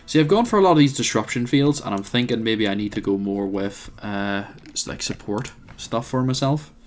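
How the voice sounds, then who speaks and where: A man's voice: fairly low pitch, expressive, moderate pace, soft background music. A man commentating his own strategy game, thinking aloud with plenty of hesitations and wry asides. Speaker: let's play host.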